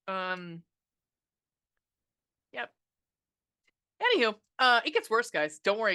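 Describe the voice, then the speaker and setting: A woman rants through a casual podcast movie review, sarcastic and swearing freely. Her voice is bright and sharp, with filler words and quick asides. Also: fairly high pitch, big pitch swings. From United States. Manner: ranting, sarcastic, swears a lot, frequent laughs and filler. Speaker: podcast host reviewing a film.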